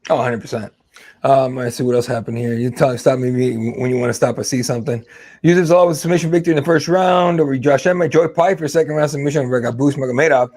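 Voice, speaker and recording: A man's voice: mid-range voice, steady tone, quick pace, a little mellow. A man co-hosting a casual podcast, ranting with lots of swearing and mocking impressions. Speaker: podcast co-host. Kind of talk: casual chat.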